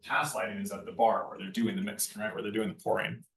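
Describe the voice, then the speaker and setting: A man's voice: lowish voice, flat delivery, fast, creaky, fairly bright tone. A man giving a conversational lecture on lighting design, often tagging his points with a questioning "right?". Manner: conversational, keeps asking "right?". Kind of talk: classroom lecture. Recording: echoey room, far from mic.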